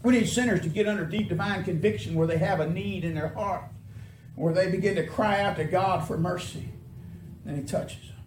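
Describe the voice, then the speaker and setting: A man preaching a sermon in an animated, conversational way, full of rhetorical questions. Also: high-pitched, brisk. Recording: echoey room, distant mic, faint noise.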